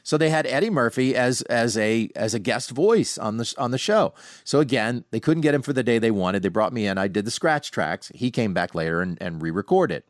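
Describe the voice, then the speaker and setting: A middle-aged man hosting a podcast, casually telling animated anecdotes from home with frequent restarts. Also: mid-range voice, fairly quick, no echo, studio quality. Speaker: podcast host. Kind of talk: casual storytelling monologue. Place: home, sitting on a couch.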